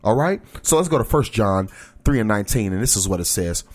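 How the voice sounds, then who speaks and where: Earnest low-voiced male preacher. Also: animated, brisk, darkish tone. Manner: earnest, exhorting, talks straight to listeners. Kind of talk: encouraging online sermon.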